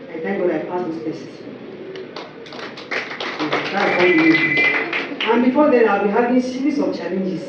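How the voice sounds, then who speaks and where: Nigerian woman giving a testimony in an echoey church. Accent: Nigerian English. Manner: storytelling with acted quotes, rising high when excited. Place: church hall. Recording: echoey, distant, muffled with background noise.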